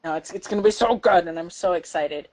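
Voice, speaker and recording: A young woman co-hosting a casual podcast, talking excitedly and chattily with plenty of fillers. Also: lowish voice, a little fast. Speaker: podcast co-host.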